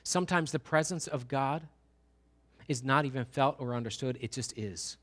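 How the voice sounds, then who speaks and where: A middle-aged man preaching a sermon, animated and acting out little voices of churchgoers to make his points. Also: mid-range voice, normal speed. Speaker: pastor.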